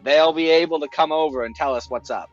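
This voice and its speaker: A man's voice: a little high, fairly quick, muffled recording, faint music behind. A man playing a tabletop game in character, pushy and sleazy, stumbling over restarts. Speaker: player. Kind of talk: in-character tabletop role-play.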